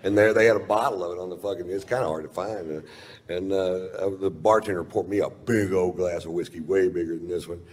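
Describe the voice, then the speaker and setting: Deep-voiced man telling a stand-up story. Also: steady tone, a little fast, darkish tone. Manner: laid-back, profane storytelling. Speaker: stand-up comedian. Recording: reverberant live hall, faint hiss.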